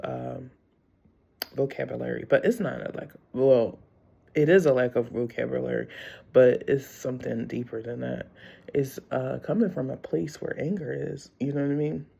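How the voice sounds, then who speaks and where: A woman's voice: very deep voice, gravelly, dark tone, husky, muffled recording. A middle-aged woman vlogging a casual faith talk, candid and rambling with frequent laughs.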